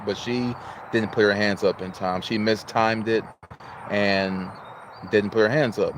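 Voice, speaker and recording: Background noise fills this clip of a lowish-voiced man hosting a relaxed livestream. He's from Illinois in the US, and he chats, says hello to viewers, and reads their chat messages out loud.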